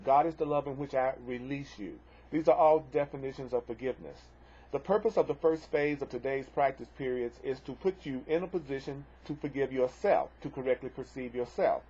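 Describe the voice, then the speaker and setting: A man's voice: medium pitch, darkish tone, husky, highs cut off. A man teaching a spiritual lesson on video, earnestly reading and repeating affirmations with folksy asides.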